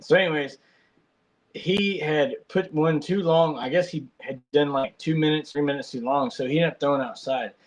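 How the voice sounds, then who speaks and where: A man's voice: fairly high pitch, normal speed, low-quality recording. A man hosting a podcast, telling family stories in a loose, colloquial way with frequent restarts. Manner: rambling storyteller, colloquial, many restarts. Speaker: podcast host. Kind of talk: casual chat.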